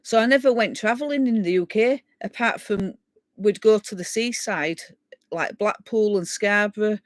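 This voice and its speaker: Casually chatting with viewers on her live stream, a middle-aged English woman with a Yorkshire accent rambles and laughs while reading out comments. She speaks at a moderate pace in a mid-range voice, with no echo.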